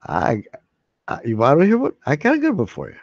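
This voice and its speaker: A man's voice: fairly high pitch, wildly swooping pitch, a little fast, no echo. Rambling, jokey livestream host man. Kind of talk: casual live stream chat. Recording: dull lo-fi stream audio.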